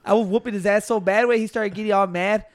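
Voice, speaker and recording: A man's voice: high-pitched, steady tone, quick pace. A man in a casual chat, telling boastful, profane stories with Spanish slang.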